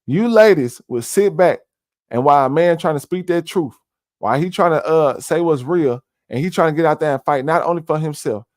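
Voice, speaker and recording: A man's voice: fairly high pitch, darkish tone, dry recording. Preachy man, close dry mic. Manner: preachy, repeats "family", heavy fillers. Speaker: commentary streamer. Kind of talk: casual conspiracy commentary.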